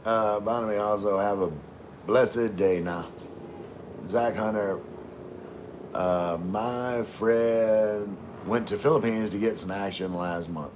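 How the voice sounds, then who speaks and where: A man's voice: on the low side, steady tone, takes it slowly, darkish tone, slight background noise. A man hosting a casual live stream, reading viewer comments aloud in an easygoing way with frequent laughs. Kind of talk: casual livestream chat.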